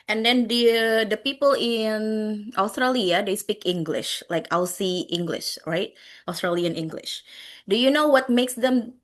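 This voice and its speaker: A woman's voice: medium pitch, measured pace. A woman with an Indonesian accent teaching an English class, chatty, quizzing her students and dropping in Indonesian words. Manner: chatty, mixes in Indonesian words, laughs often. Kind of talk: online class questioning students.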